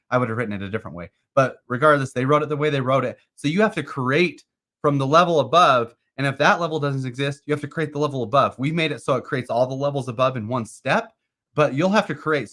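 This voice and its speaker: A man's voice: mid-range voice, a bit bright. A man co-hosting an investing show, explaining a crypto process in a loose, rambling way full of fillers. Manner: rambling, uses lots of "like" and "uh". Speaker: co-host. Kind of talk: casual chat about crypto investing.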